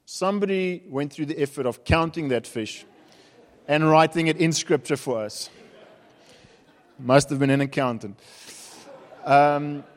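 South African preacher in an echoing hall. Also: male voice, on the high side, measured pace, long pauses. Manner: conversational, humorous storytelling. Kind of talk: sermon. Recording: reverberant hall.

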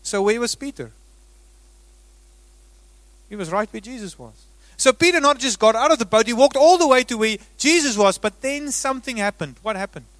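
A man with a high voice preaches a sermon, rising to loud emphasis and then dropping to a near hush. His sound is dry and close, with no room around it. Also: animated, normal speed, long pauses, no room sound. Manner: dramatic swings between loud emphasis and hushed delivery. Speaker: pastor.

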